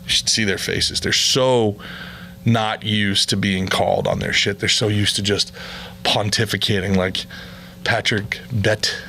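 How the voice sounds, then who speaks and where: Gravelly, profane comedian ranting. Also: male voice, on the low side, steady tone, unhurried, sharp tone, a little hiss or hum. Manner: profane, blunt and scornful. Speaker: podcast host and comedian.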